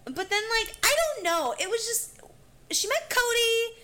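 Bright, lively young woman. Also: extremely high pitch, measured pace. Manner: rambling, filler-heavy, animated. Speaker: podcast co-host. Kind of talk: casual chat.

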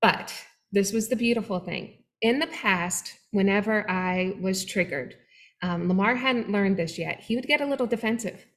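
Animated woman retelling a painful story. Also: mid-range voice, normal speed. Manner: animated storytelling, acting out quoted voices. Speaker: webinar co-host. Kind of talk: candid faith-based conversation.

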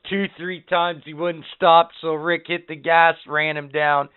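A man hosting a casual podcast chat, his voice a little high and smooth as he tells stories in an excited, profane way. It comes through a thin, phone-like recording. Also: unhurried. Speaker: podcast host. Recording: phone-like narrow band.

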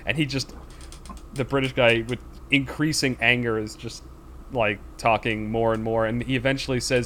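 A man's voice: mid-range voice, steady tone, moderate pace, fairly bright tone, a little hiss or hum. A man chatting casually on a podcast, retelling a film's plot in a rambling way with many fillers and acted-out quotes. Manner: rambling storyteller with fillers, acts out quoted lines.

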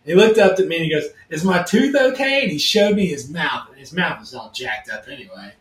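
Man, fairly high voice, rambling storyteller, roomy echo, a bit off-mic. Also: fast talker, distant mic. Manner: rambling, animated storyteller who acts out quotes. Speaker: podcast co-host. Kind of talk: casual storytelling chat.

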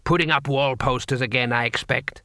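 A man's voice: medium pitch, steady tone, moderate pace, pushed and bright, no room sound, studio quality, lightly acted. A man voicing a shrewd, casual male street trader who talks in an offhand, unbothered drawl. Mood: chatty.

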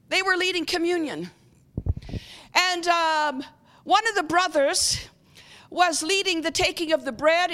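A woman preaching a sermon as a guest speaker. She keeps asking the audience whether they are with her and often clears her throat. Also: very high-pitched, bright, forceful tone. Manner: engaging, repeatedly checks with the audience.

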